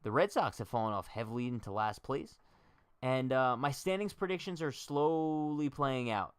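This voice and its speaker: A man's voice: medium pitch, moderate pace, clear, resonant tone, no room sound, studio quality. A young man hosting a casual baseball livestream, chatting and joking straight to his viewers. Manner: chatty, jokey, talks to chat directly.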